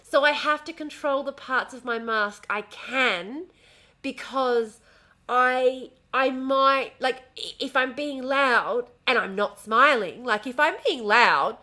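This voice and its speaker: Australian woman streamer, casual and swearing, higher pitch, bright tone. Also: unhurried. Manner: chatty, swears freely, speaks with a smile. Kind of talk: casual livestream chat. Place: home room. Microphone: desk mic at home.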